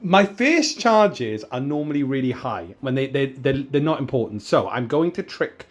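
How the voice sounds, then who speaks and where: A man narrating his moves in a tabletop wargame, chatty and self-mocking, getting excited over dice rolls. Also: mid-range voice, moderate pace. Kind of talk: casual battle report commentary.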